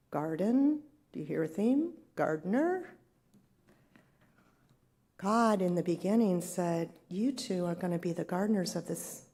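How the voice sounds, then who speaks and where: Slow gravelly woman preaching gently. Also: medium pitch. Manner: conversational, reflective, asks the congregation questions. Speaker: spiritual leader. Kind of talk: sermon.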